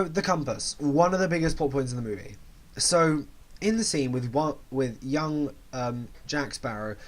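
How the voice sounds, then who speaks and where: A man giving a casual, rambling movie review, often correcting himself mid-sentence. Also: medium pitch. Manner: rambling, self-correcting, chatty.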